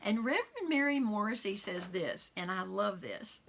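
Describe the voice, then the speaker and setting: A woman minister giving an online sermon, talking in a conversational way, laughing softly now and then and weaving in quotations. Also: mid-range voice, sing-song, normal speed, creaky, slight background noise. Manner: warm conversational preaching with quotes and soft laughs.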